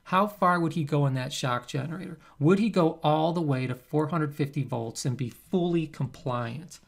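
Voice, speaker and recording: Man giving a lively psychology lecture. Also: a little high, moderate pace, creaky. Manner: conversational, animated, acts out quoted subjects. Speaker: psychology professor. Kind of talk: recorded lecture.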